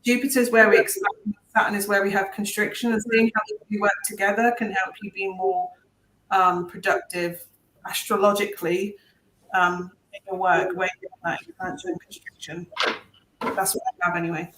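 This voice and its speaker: A woman's voice: mid-range voice, fairly even intonation, moderate pace, a bit bright, reverberant, a little hiss or hum, low-quality recording. A woman giving a meandering, earnest and reassuring spiritual message on a video call. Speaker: intuitive reader.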